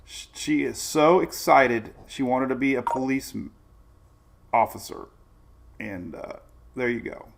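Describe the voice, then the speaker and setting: Casting: middle-aged male livestream host, gravelly, energetic, chatty. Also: medium pitch, unhurried, pauses often, background noise. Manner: energetic, rambling, greets viewers by name. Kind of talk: casual livestream chat.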